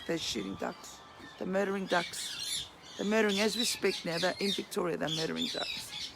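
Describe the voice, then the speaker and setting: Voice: medium pitch, gravelly. A vlogger ranting heatedly outdoors, swearing and pleading with a strained voice that is starting to give out. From Australia. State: voice strained and going. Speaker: vlogger and counsellor. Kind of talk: emotional ranting vlog. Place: outdoors near a duck pond. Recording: loud birds and outdoor noise. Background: loud birdsong and quacking.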